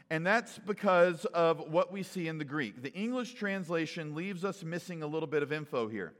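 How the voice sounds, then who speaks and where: A man preaches in a relaxed, conversational teaching voice, pitched a little above the usual male range. He keeps asking "right?" and stumbles over repeated words as he gets going. His voice rings with the long reverb of a large hall. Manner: conversational, often asks "right?", repeats words as he starts sentences. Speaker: pastor. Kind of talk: teaching sermon.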